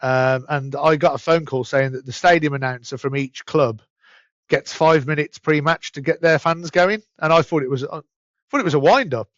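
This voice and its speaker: A man's voice: fairly high pitch, fairly bright tone, no room sound, lo-fi sound. A man with a Birmingham accent, a podcast guest talking casually with stumbling restarts. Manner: chatty, stumbling restarts, rushed bursts. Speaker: podcast guest, events company director. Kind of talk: casual interview chat.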